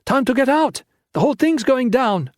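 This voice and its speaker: Man doing a fierce, shouting young woman soldier. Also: on the high side, slow pace, slightly rough, no echo, studio quality. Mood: shouting urgent. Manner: shouting, profane, commanding. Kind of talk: audiobook character voice.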